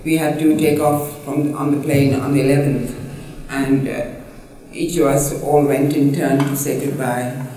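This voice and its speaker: An older woman from India, an interviewee, recalling memories in a rambling, halting way with many fillers. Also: rumbling low, flat delivery, mellow. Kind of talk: personal reminiscence. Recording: roomy, distant mic.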